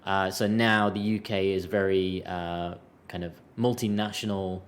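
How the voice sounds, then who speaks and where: A man from England with a softened Birmingham accent, an English teacher chatting casually and speaking clearly and deliberately for learners. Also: sits low, level tone. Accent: mild English Midlands, softened Birmingham. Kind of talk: casual unscripted conversation.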